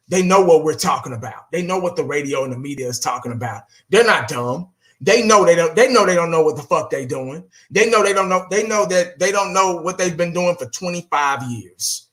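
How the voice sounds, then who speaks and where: A man's voice: on the high side, a bit bright. A man hosting his own channel, ranting bluntly and with profanity, talking straight to his viewers. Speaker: fan channel host. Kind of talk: casual solo rant.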